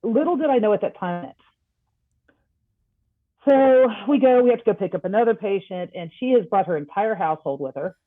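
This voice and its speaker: A woman speaks over a thin, phone-like line, her voice sitting in an ordinary middle register for her sex. She tells a long personal story in a lively, conversational way and slips into the voices of the people she quotes. The sound is tinny and narrow, the way a remote call sounds. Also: medium pitch, a little fast, no echo. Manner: animated, acts out quoted dialogue. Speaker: podcast guest.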